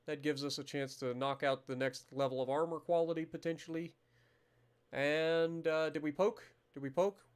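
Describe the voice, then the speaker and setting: Streamer in his 30s, man with a high voice, crude and jokey, rambles into loud bits while playing. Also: steady tone, normal speed, clear, resonant tone. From Ohio, USA. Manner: profane, joking, riffs in loud tangents. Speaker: gaming livestream host. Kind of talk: casual live gameplay commentary.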